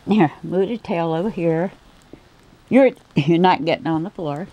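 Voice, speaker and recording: A woman with a warm, mellow voice, somewhat low for a woman, talks to her pets at home at night. She coos and scolds in a sing-song way, holding the camera in one hand, and turns to the viewers to explain how she keeps them. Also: moderate pace, a little hiss or hum, rough recording. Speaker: pet keeper vlogger. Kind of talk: casual talk to her pets while filming. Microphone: handheld camera.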